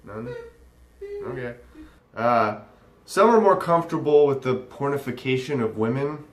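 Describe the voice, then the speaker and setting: A man's voice: medium pitch, expressive, measured pace. A young man ranting sarcastically at a text he reads aloud, swearing often and rambling. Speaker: vlogger. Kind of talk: ranting commentary reacting to a text. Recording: echoey room.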